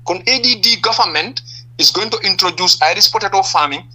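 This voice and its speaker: A man's voice: high-pitched, brisk, pushed and bright, breathy edge, poor audio. A man with a Gambian accent, a political party leader giving impassioned answers in a radio interview, stressing point after point and firing rhetorical questions.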